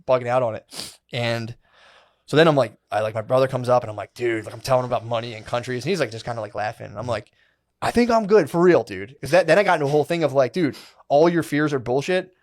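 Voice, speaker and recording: A man in his thirties with a mid-range voice talks quickly as a podcast co-host in a casual chat. He tells a rambling, profane story with lots of animation, acting out what people said and voicing their inner thoughts.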